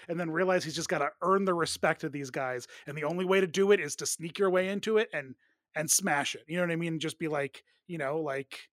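A man's voice: a little high, fairly bright tone, no echo, clean studio sound. A man co-hosting a podcast, chatting loosely and jokingly about a film. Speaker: podcast co-host. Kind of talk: casual film discussion.

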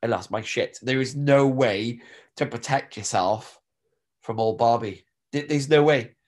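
A man in his thirties from the UK, hoarse from pollen, co-hosting a podcast in jokey, rambling casual chat. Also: medium pitch, unhurried. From United Kingdom. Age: 30s. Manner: jokey, rambling wrestling fan. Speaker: podcast co-host.

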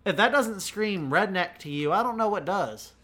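A man's voice: high-pitched, lively intonation, normal speed, pushed and bright. A man with a Southern US accent, chatting casually as a podcast co-host, rambling and repeating words as he starts his thoughts. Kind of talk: casual chat.

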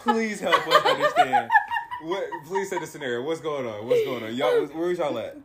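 A man who is a guest on a casual podcast, teasing and animated, bursting into loud laughter. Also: a little high, moderate pace, a loud crowd. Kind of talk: casual chat.

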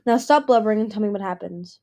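A woman voicing a cold, sharp-tongued female dragon who snaps at her younger sister. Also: medium pitch, fast, close to an everyday voice. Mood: curt. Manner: snappish, acerbic.

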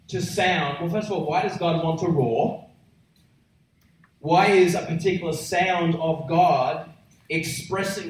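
Male preacher, somewhat high voice, booming sermon, heard from far off in a very echoey church hall. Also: slight background noise. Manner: emphatic, building to loud roaring peaks.

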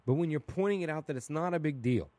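A man hosting a solo podcast, talking through his opinions in a casual, blunt and animated way, asking "right?" again and again. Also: a little high, fast talker, dry recording. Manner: casual and blunt, with mild swearing. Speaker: podcast host.

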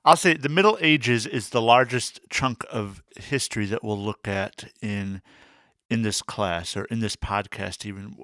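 A man's voice: fairly low pitch, unhurried, sharp tone, no room sound, studio quality. A man co-hosting a music teaching podcast, friendly and easygoing, laughing readily. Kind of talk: casual educational podcast chat.

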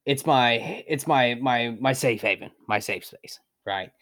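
A man's voice: mid-range voice, a little slow, fairly bright tone, no echo, clean studio sound. A man co-hosting a podcast, rambling playfully and swearing about his football picks. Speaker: podcast co-host. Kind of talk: casual sports betting chat.

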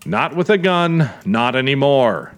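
A man's voice: medium pitch, animated, unhurried, pitched above the performer's own voice, natural voice. A man voicing a firm, blunt young small-town police officer, in an audiobook reading. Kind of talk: audiobook character voice.

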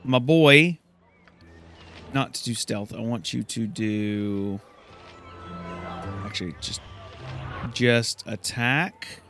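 A man casually narrating a fantasy game he is playing, excitable and swearing at setbacks. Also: medium pitch, very slow, pauses often, faint music behind. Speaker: gamer. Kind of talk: let's play commentary.

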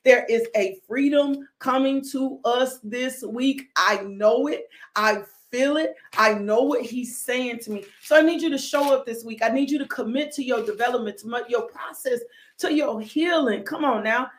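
A woman preaching with a high, bright-pitched voice. She drives her sermon with fervent call-and-response and sudden whoops. She calls out to members of her congregation by name. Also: normal speed.

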